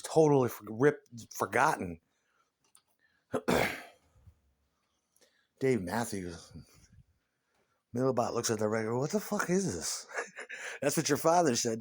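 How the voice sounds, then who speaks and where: Middle-aged man, stand-up comic, profane, animated, ranting. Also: medium pitch. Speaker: comedian. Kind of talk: stand-up rant.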